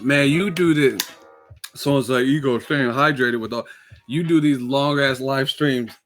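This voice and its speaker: A man hosting a boxing live stream, hyped and slangy, rattling off quick shout-outs in casual chat. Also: mid-range voice, faint music behind. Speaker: boxing channel host.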